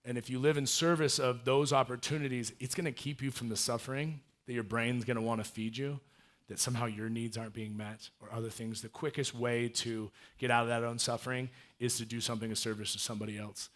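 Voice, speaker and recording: A man in his thirties giving a casual, animated storytelling talk as a guest speaker. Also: mid-range voice, fairly quick. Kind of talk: storytelling talk to a live audience.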